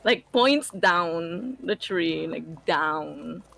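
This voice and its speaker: A woman playing a tabletop role-playing game, giggly and expressive. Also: fairly high pitch, a little slow. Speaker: player.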